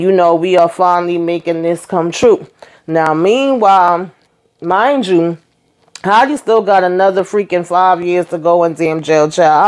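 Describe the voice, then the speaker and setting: Sassy woman recapping reality TV. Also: on the low side. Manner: sassy, animated retelling with quoted voices. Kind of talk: casual recap commentary.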